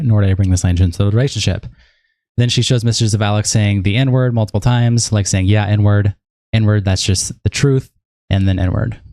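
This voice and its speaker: Young man streaming, mellow and dry. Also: on the low side, dry recording. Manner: casual, halting, reads flatly and breaks off to react. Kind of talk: livestream commentary, reading messages aloud.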